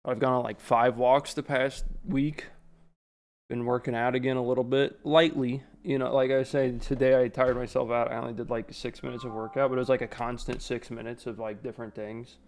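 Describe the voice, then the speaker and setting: A male streamer in loose livestream chat, his voice sitting at an ordinary mid pitch. He rambles easily and fills his sentences with "like" and restarts. The delivery stays relaxed and low-key. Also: a little fast. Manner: rambling, filler-heavy storytelling.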